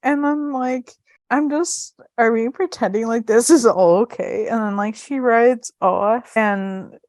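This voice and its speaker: A woman's voice: fairly high pitch, unhurried, a little mellow, no echo. Woman podcaster rambling through an episode recap, lots of likes and ums, dry close mic. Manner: chatty, retells scenes with quoted lines and fillers. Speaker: podcast co-host. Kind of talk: casual chat recapping a TV episode.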